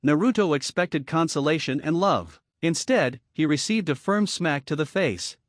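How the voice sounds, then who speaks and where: A man narrating a scripted fan-fiction story in a steady storytelling manner. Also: fairly high pitch, normal speed, no echo, studio quality.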